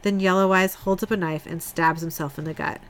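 A woman's voice: on the low side, fairly even intonation, fairly quick. A woman co-hosting a podcast, reading scene dialogue from her notes in a casual recap. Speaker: podcast host recapping an episode.

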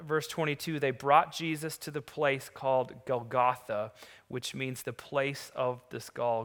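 A man's voice: mid-range voice, a bit bright, smooth, long reverb tail. A man pastor preaching a sermon, reading scripture aloud and explaining it, building to emphatic lists.

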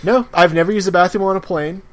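Easygoing man with a higher voice. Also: steady tone, fast. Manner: laughing, easygoing. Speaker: podcast co-host. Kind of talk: casual chat.

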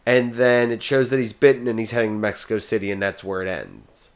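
A man hosting a podcast, chatting casually about movies in an excitable, rambling way. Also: lowish voice, fairly quick. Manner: excitable and rambling, jumps between thoughts. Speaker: podcast host.

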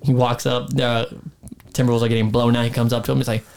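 A man's voice: mid-range voice, fast talker, vocal fry, slight background noise. A man co-hosting a casual sports chat, telling stories animatedly and acting out quotes. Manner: animated storyteller, acts out quotes. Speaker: podcast co-host.

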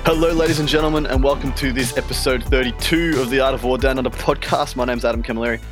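A man's voice: mid-range voice, steady tone, fast, music in the background. A man with an Australian accent hosting a gaming podcast, chatty and rambling, often laughing. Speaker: podcast host. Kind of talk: casual chat.

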